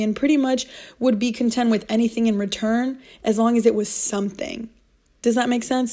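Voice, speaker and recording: A woman's voice: on the high side, warm tone. A young woman hosting a motivational podcast, talking in an earnest, encouraging way and repeating her key points. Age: young adult. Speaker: podcast host.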